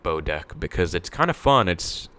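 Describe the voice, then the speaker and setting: A man's voice: low voice, very animated, normal speed, fairly bright tone. A young man giving casual commentary on his own gameplay, thinking aloud with many fillers. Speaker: gaming video creator.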